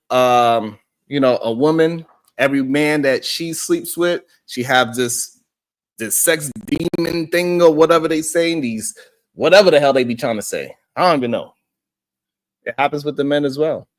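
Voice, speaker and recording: A man hosting a live-stream show, giving preachy commentary with frequent swearing and talking directly to his viewers. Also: on the high side. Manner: animated, preachy, swears often, talks to viewers. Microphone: streaming setup.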